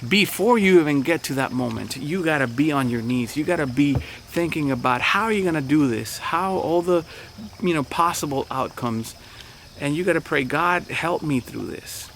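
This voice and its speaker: Male pastor, slightly high gravelly voice, easygoing chatty delivery, faint cricket noise outdoors. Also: moderate pace. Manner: relaxed, chatty, many fillers. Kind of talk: casual devotional talk.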